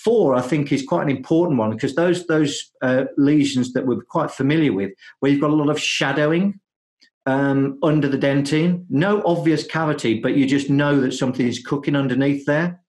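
A man's voice: on the high side, moderate pace, a little mellow. Hesitant, filler-heavy man explaining. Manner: hesitant, many fillers and restarts. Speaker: guest dentist. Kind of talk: conversational podcast interview.

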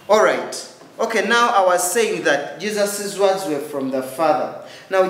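A man teaching a children's sermon in church, asking "Amen?" and repeating key lines. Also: high voice. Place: church hall. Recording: very echoey church hall.

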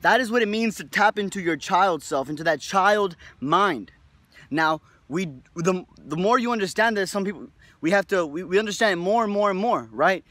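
Speaking at a normal pace in a dry recording, this young video host has a high-pitched, expressive, slightly bright voice. His motivational talk to viewers is casual and rambling, full of profanity and frequent "right?" tags.

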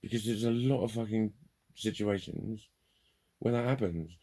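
A man's voice: lowish voice, normal speed, dark tone, slightly rough. A man talking in a candid, rambling monologue, swearing freely and joking at his own expense. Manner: rambling, sweary, self-deprecating. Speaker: vlogger.

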